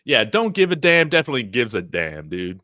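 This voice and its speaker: A man's voice: mid-range voice, a little fast, no echo. Hyped up guy on a fan stream, trash-talking, dry voice no room sound. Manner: excited, brash trash-talk. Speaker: host of a college football fan show. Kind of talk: livestream fan commentary.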